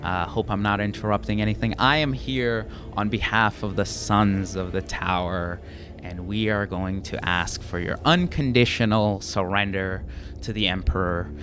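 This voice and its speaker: A man's voice: lowish voice, moderate pace, over music, natural voice. A man voicing a masked male elf invader who is mockingly polite. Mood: smug. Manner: smug, mock-courteous.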